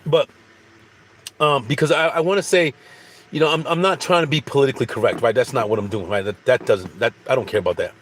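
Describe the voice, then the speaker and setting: A man's voice: mid-range voice, quick pace, slight background noise. A man giving a casual, rambling spiritual monologue, repeating phrases and restarting sentences. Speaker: spiritual speaker.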